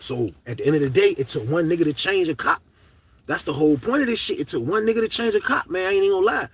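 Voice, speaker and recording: A man telling a comedic story in casual, slangy talk, swinging from hushed to loud. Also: high-pitched, lively intonation, quick pace, slightly rough.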